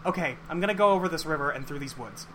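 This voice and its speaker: A man's voice: a little high, expressive, racing, a bit bright, slight background noise. A man voicing an upbeat, goofy teenage boy who talks in a casual, teasing way. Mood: playful.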